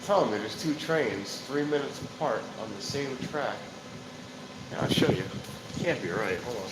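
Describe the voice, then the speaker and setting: A man's voice: medium pitch, lively intonation, normal speed. A man with a congested, nasal voice, rambling casually as he hosts a live stream by railroad tracks and reads viewers' comments aloud. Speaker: live streamer, train-watching channel host. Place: outdoors by railroad tracks at night. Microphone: phone held in hand. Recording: outdoor noise on a handheld phone.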